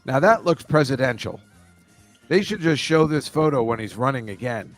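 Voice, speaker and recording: A man hosting a casual talk show, rambling and halting with lots of fillers. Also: mid-range voice, animated, soft background music. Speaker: podcast host. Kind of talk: casual chat.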